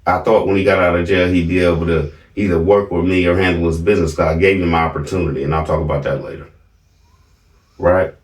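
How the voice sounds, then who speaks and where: A man's voice: low-pitched, fairly even intonation, quick pace, far from the mic. A middle-aged man casually telling a family story to his viewers, emphatic and often asking "right?". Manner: emphatic, keeps checking in with "right?". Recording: roomy, from off the mic.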